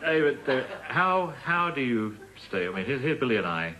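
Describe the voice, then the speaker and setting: A man's voice: mid-range voice, sing-song, moderate pace, sharp tone. A man hosting a talk show, questioning his guests in dry, teasing banter. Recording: noisy broadcast recording.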